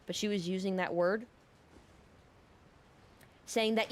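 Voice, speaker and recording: A woman's voice: mid-range voice, fairly even intonation, takes it slowly, long pauses. A woman telling a long story while she plays a game, drifting off topic as she goes. Her delivery is casual and sarcastic, with plenty of swearing. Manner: profane, rambling, sarcastic. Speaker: gaming video creator. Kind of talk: casual storytelling over gameplay.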